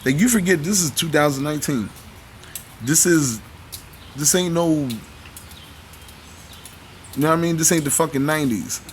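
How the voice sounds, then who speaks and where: A man's voice: fairly high pitch, normal speed, pauses often, slight background noise. A man ranting in live commentary, heated and profane, preaching at his viewers between clips.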